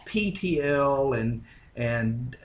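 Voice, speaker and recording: A man co-hosting a casual church podcast, a lively storyteller who chuckles as he recounts memories. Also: medium pitch, drawn-out words, highs cut off, crowd noise. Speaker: podcast co-host.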